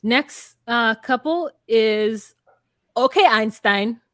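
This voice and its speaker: A woman's voice: fairly high pitch, slow pace, background noise. A woman co-hosting a casual reality TV recap, chatty and wry as she retells scenes. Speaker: podcast co-host.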